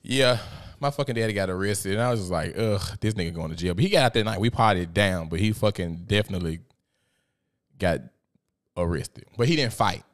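A man, hosting a podcast in a blunt, profane, animated storytelling manner. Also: fairly low pitch, fairly quick. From Memphis, USA. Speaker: podcast host. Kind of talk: casual podcast monologue.

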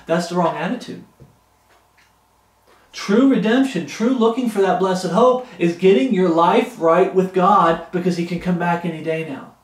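A man delivers a sermon at a moderate pace, earnest and pleading, his voice pitched noticeably high for a man. Echo from a roomy space surrounds him on the recording.

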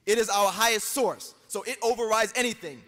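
A man's voice: sits high, brisk, bright, forceful tone. An American man giving an emphatic, argumentative debate speech, quoting scripture to press his case. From United States. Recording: long hall reverb.

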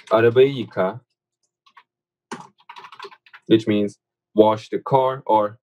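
Slow, low-voiced young man teaching Turkish. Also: a little mellow, low-quality recording. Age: young adult. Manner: informal, many fillers, corrects his own slips. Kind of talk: casual online language lesson.

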